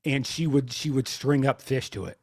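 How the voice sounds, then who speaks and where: A man co-hosting a comedy podcast, explaining an absurd recipe in a deadpan, mock-serious way. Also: medium pitch, normal speed, dry recording, studio quality. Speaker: podcast co-host.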